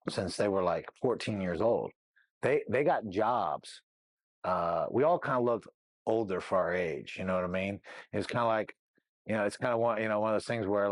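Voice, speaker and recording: A middle-aged man, interviewed as a guest, shares his story candidly, rambling and tossing in lots of "you know what I mean." His voice is on the low side, with no room sound.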